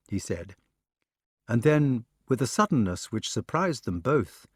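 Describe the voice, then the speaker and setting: Measured male audiobook narrator. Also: fairly low pitch, expressive, no room sound, clean studio sound. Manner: measured, storytelling. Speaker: audiobook reader. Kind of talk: scripted narration.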